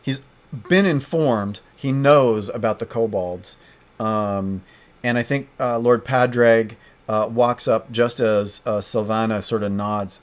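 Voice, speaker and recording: Halting man narrating a solo tabletop game. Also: lowish voice. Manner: halting, hesitant, frequent restarts. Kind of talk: thinking-aloud game narration.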